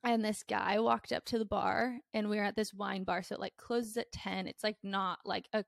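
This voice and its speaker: A woman's voice: medium pitch, fairly even intonation, moderate pace, vocal fry, no echo, studio quality. A young woman hosting a podcast, talking in a candid, blunt way with lots of fillers. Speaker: podcast host. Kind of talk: casual chat.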